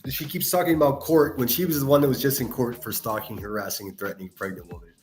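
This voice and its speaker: A man delivers angry reaction commentary in a scornful, profane rant. His pitch sits in an ordinary middle range. Faint music plays underneath. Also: fairly even intonation, fast, a little mellow. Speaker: commentary channel host.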